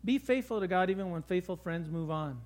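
A middle-aged man with a high voice preaches a sermon. He tells stories in a lively, conversational way from the pulpit. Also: brisk. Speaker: pastor.

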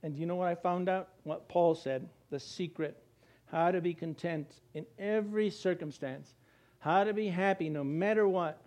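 A middle-aged man preaching a sermon in church, animated and laughing, now and then mimicking gloomy complainers. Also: high-pitched, normal speed. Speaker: pastor.

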